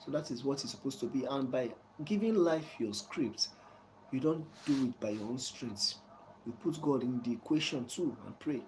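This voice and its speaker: Casual host, warm and mellow, chuckling preachy advice, faint background hum. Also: male voice, mid-range voice, expressive, normal speed, low-quality recording. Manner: preachy, repeats "you understand?" often; soft chuckles between points. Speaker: channel host giving life advice. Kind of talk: casual advice talk to a viewer.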